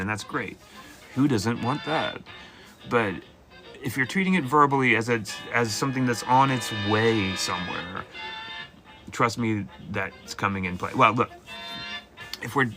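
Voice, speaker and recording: A man hosting a live call-in tarot reading, talking casually and playfully to viewers. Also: on the low side. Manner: animated, playful, jumps into mock voices. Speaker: tarot reader host.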